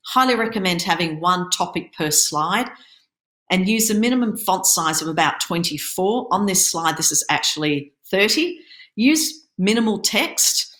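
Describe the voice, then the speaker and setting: A woman with a fairly low voice talks through presentation tips in an instructive coaching tone, now and then tripping over a word. She speaks over a video call. Her voice bounces around a roomy, echoey space. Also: a bit bright. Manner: instructive, coaching tone with occasional stumbles. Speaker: startup accelerator program manager giving a pitching workshop. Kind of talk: online presentation.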